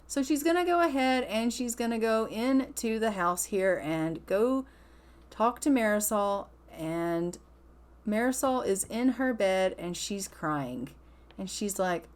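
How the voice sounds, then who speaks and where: A woman's voice: medium pitch, animated, slow pace. A woman narrating a life-simulation game in a casual, chatty way, acting out her characters' dialogue. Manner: casual, chatty, acts out both sides of dialogue. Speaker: gameplay narrator. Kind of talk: let's play commentary voicing characters.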